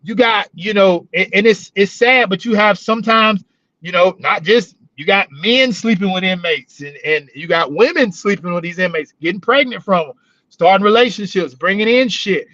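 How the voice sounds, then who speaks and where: A man's voice: high voice, moderate pace, bright, forceful tone, no room sound, dull audio. A man co-hosting a casual talk show, telling profane, rambling stories about working as a corrections officer. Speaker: podcast co-host, former corrections officer. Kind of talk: casual chat.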